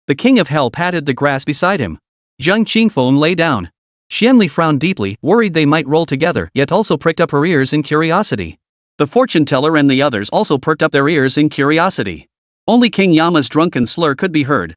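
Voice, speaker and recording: A man's voice: a little high, animated, a little fast, no echo, clean studio sound. A man narrating a recap story in a scripted read, voicing all characters in the same plain voice.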